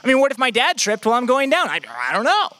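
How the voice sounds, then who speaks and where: Young male preacher, high and bright voice, lively delivery, acts out inner voices and talks straight to the crowd. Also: fast talker, no room sound. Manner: animated, acts out imagined prayers and quotes; addresses the congregation directly with joking asides. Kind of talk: sermon.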